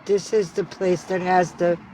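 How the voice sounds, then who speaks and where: A woman's voice: on the low side, little pitch movement, measured pace, mellow, a little hiss or hum, low-quality recording. A woman on a casual livestream, cooing baby talk to her cats.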